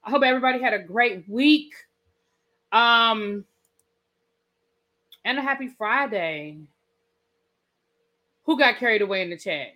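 Woman hosting a live stream from home, high-ish bright voice, chatty and animated, talks right to the chat. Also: a little slow, long pauses. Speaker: livestream host. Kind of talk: casual live chat with viewers.

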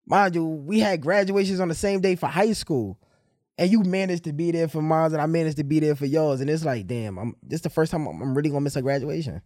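A man's voice: fairly high pitch, fast talker, no echo, studio quality. A young man hosting a podcast, telling a story and acting out the people in it. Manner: animated storyteller, acts out dialogue. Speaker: podcast host. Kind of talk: casual storytelling chat.

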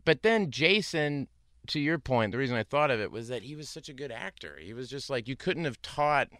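A man who works as an actor, guest in a casual conversation, telling lively anecdotes and laughing as he goes. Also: mid-range voice, brisk, clear, resonant tone, dry recording, studio quality. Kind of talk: casual chat.

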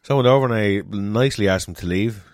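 A man's voice: fairly low pitch, quick pace, no room sound, studio quality. A man in casual chat, telling a story and acting out the other people's lines. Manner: animated storytelling, acts out customers' lines. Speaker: restaurant manager telling stories.

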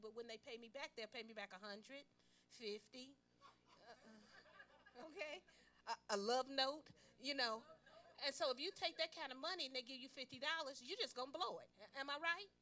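An older woman teaching a church group about money, animated and preachy, calling on the audience to answer back. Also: fairly high pitch. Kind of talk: lively church teaching talk.

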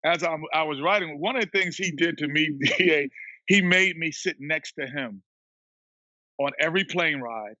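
A man with a fairly high, bright, forceful voice tells an anecdote and acts out every quote. He laughs often as he talks. The sound is dry and a little dull, as if from a lo-fi line. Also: normal speed, no echo. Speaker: guest, former basketball player and TV analyst. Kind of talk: casual storytelling chat.

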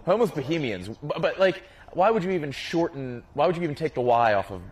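A man co-hosting a podcast in casual chat, teasing and firing off quick questions. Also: fairly high pitch, very animated, rough recording. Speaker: podcast co-host. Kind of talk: casual chat among friends.

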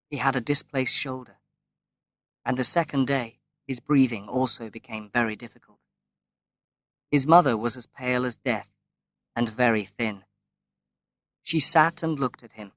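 A man narrates an audiobook in a slow, measured reading voice. The pace is very unhurried. The recording sounds dull, lo-fi and very dry. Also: medium pitch, fairly bright tone, no echo. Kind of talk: scripted narration.

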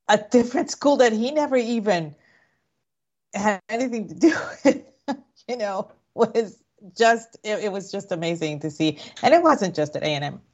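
A woman's voice: mid-range voice, darkish tone. A woman co-hosting a casual talk show, rambling with frequent restarts. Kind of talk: casual chat. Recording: muffled lo-fi audio.

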